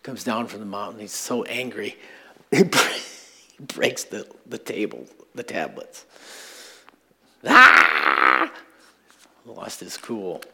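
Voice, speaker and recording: A male pastor delivers a sermon in a loose, conversational way, breaking off for asides and small chuckles. His voice sits on the low side with a husky edge. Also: lively intonation, unhurried.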